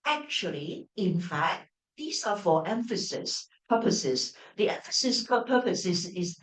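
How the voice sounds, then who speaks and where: A woman's voice: on the low side, animated, unhurried. A woman lecturer giving an academic talk, full of fillers and restarts, often checking in with the audience. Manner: hesitant, with many restarts and fillers, checking in with "all right?". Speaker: university lecturer. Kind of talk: academic lecture at an open day. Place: lecture room. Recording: echoey room, voice from a distance.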